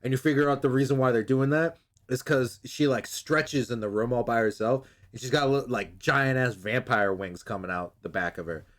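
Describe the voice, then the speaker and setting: A man's voice: mid-range voice, moderate pace, fairly bright tone. A man chatting casually, swearing freely and acting out characters' lines as he recaps a show. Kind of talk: casual chat recapping an anime episode.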